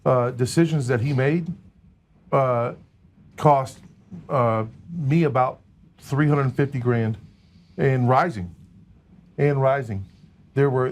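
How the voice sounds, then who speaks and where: A man speaking as a guest in a casual interview, halting with many fillers. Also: medium pitch, a little mellow, a little hiss or hum. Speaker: guest, recovery organization leader.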